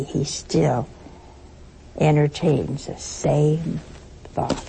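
A woman's voice: medium pitch, animated, slow, vocal fry, pauses often, darkish tone, a little hiss or hum, poor audio. A woman giving a chatty spiritual talk to listeners, full of anecdotes and chuckling asides. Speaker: religious speaker.

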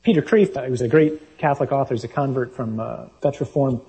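A male preacher delivering a sermon, driving home each point with emphatic reasoning. His voice is mellow and warm, and he sits in the middle of the usual male pitch range. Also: a little fast, rough recording. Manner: emphatic, reasoning, reads scripture aloud.

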